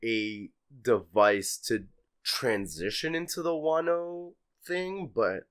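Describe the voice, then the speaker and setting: A man's voice: medium pitch, slow, clear, resonant tone. A man co-hosting a casual fan podcast, talking bluntly and offhandedly and swearing casually. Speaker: podcast co-host.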